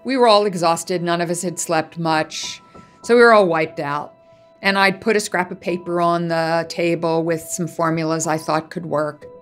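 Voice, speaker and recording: A woman's voice: fairly low pitch, steady tone, normal speed, soft background music. A woman diplomat interviewed for a podcast, recounting a negotiation in a candid, reflective way. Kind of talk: personal recollection in interview.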